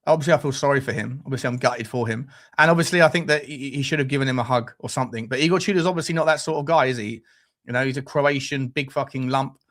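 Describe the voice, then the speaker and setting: A man's voice: medium pitch, quick pace, a bit bright. A man hosting a live fan stream, who talks bluntly with crude jokes and reads out the chat. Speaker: fan show presenter.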